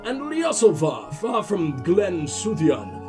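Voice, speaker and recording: Sick man voices an old male lore-reader, solemn and deliberate. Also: high voice, huge pitch swings, over music, exaggerated voice. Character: old male scholar narrator. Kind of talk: reading in-game lore aloud.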